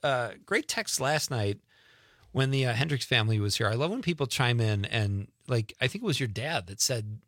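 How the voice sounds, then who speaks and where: A man's voice: medium pitch, expressive, normal speed, no echo. A man hosting an evening radio show, chatting in a rambling way with self-deprecating asides, in a studio. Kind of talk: casual radio chat. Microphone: studio microphone.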